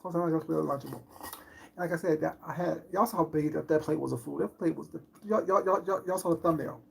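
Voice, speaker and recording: A man's voice: on the high side, fast talker, gravelly, breathy edge. A middle-aged man in a casual live-stream chat as a food vlogger, talking in a sassy, boastful, flamboyant way.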